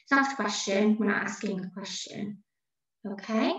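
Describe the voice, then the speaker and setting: A woman teacher talks pupils through a recorded lesson, patient and encouraging, going over each answer step by step. Her voice has a gravelly edge. The sound is dull and very echoey, picked up from a distance. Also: medium pitch, moderate pace, fairly bright tone. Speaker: primary school teacher.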